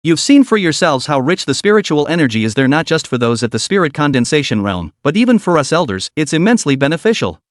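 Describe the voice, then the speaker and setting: Cast: stern bragging old sect elder read by a man, scolding, slightly high voice, dry booth sound. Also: big pitch swings, quick pace, few pauses, no echo. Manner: scolding, conspiratorial.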